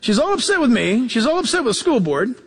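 A man preaching a sermon as pastor, telling stories in an animated way and acting out the quotes, repeating key phrases for emphasis. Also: quick pace, husky, in a large hall. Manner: animated storytelling, acts out quotes with jumps in pitch.

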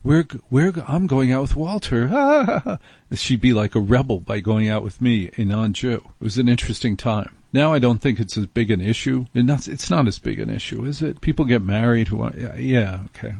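A man's voice: fairly low pitch, brisk, gravelly, hardly any pauses, a little mellow, husky, dry recording. A man hosting a radio show, telling rambling jokey stories and reading ads in a wry manner. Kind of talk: comic monologue and read ads.

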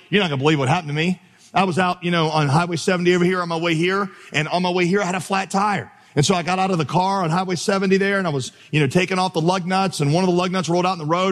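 A man preaching to a congregation from a church stage, his voice fairly high for a man. He tells stories with animated, exclamatory energy. His words ring out with a long reverb through the auditorium. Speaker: pastor. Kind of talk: sermon.

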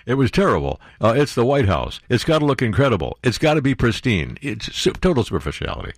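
A man's voice: mid-range voice, big pitch swings, fast, no echo, studio quality. A man hosting a talk radio show, reading news aloud and breaking in with sarcastic, mocking commentary.

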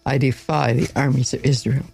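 Guy reading a bragging giant warrior, roaring, gravelly, faint music behind. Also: medium pitch, level tone, brisk, a little mellow. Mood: defiant. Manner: roaring threats. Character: huge boastful male giant warrior, menacing.

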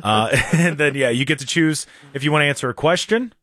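A man's voice: on the high side, sharp tone, no echo, clean studio sound. A man hosting a radio talk show, chatting casually and often restarting his sentences. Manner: chatty, halting, starts sentences over. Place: radio studio. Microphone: studio microphone.

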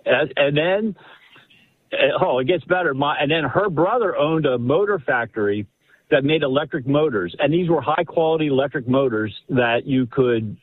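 A man calling in to a radio show, telling a family story in an animated, rambling way with many restarts. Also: on the high side, normal speed. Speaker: caller. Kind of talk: casual storytelling on a phone-in. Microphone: telephone. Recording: husky voice over a tinny phone line.

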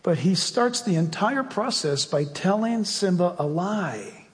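A man's voice: high-pitched, expressive, a little slow, long reverb tail. A man preaching a sermon as pastor, emphatic and full of rhetorical questions, ending in a fervent prayer.

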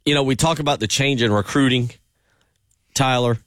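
A man's voice: mid-range voice, steady tone, normal speed, fairly bright tone, no echo, clean studio sound. A man hosting sports talk radio, rambling loosely with many fillers.

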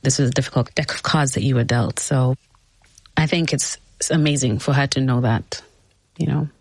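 Gentle, supportive woman interviewer. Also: extremely low pitch, fairly even intonation, normal speed, slightly rough, no echo. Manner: gentle and supportive, reflecting back on what the guest says. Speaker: host. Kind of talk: interview conversation.

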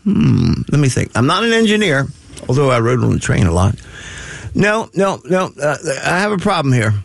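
Male talk radio host, folksy and curmudgeonly, lively swooping pitch, gravelly edge, dry close studio sound. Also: normal speed, no echo. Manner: self-mocking curmudgeonly rambling with many restarts.

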